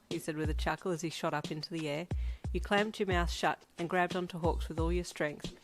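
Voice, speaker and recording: A woman reads a fan fiction audiobook in a fairly low voice, telling the story evenly and steadily. Music plays clearly behind her the whole time. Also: steady tone, fairly quick. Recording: music playing underneath. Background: background music.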